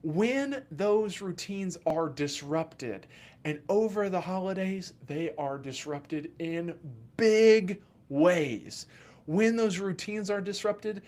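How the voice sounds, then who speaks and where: A man, a children's mental health therapist, giving casual educational talk to camera in an animated, joking way with sudden loud asides. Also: sits high, slow pace.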